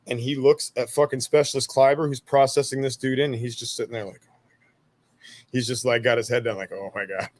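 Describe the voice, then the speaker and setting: A man's voice: mid-range voice, no room sound. A man in his thirties, an army veteran guest, telling stories in a laid-back way, swearing freely and laughing at his own jokes. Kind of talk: casual storytelling interview.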